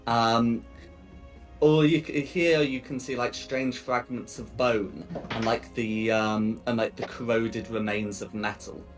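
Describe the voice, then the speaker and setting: A man narrating a tabletop game as game master, often pausing and restarting his sentences. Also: mid-range voice, steady tone, faint music behind. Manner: hesitant, many ums and restarts.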